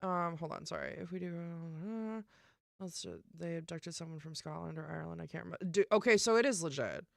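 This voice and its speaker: A young woman streamer talking casually and emphatically, swearing often and filling pauses with "um" and "like". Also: fairly low pitch, creaky, no echo, clean studio sound. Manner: emphatic and profane, with many fillers. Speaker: live streamer. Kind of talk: casual live-stream rant.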